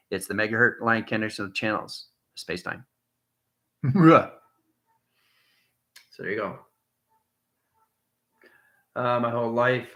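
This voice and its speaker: Rambling man in an echoey room. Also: mid-range voice. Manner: rambling, chuckles often, jumps between soft and loud. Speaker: channel host. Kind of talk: rambling spiritual monologue.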